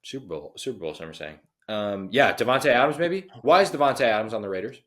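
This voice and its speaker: A young man co-hosting a casual sports podcast, talking fast and excitedly, often slipping into quoted voices. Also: on the low side. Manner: excitable, quick to quote others in a dude-voice. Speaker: podcast co-host.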